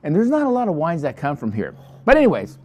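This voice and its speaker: A man pitches a wine from his shop in a loose, chatty review. He rambles and sidetracks himself, restarting his sentences often, in a mellow, darker voice. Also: wildly swooping pitch, quick pace. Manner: rambling, digressive, many restarts.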